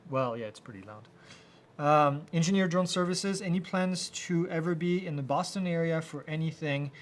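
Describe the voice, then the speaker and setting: A man hosting a live Q&A, reading out viewer questions and answering them in a casual, halting way with many fillers. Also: a little high. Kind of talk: live Q&A chat.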